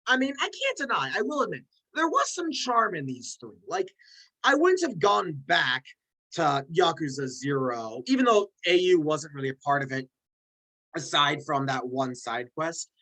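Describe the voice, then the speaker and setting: A host in casual chat who runs through a ranked list of fictional characters, rambling into tangents and quick self-mocking asides. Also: medium pitch, sing-song, fairly bright tone, rough recording.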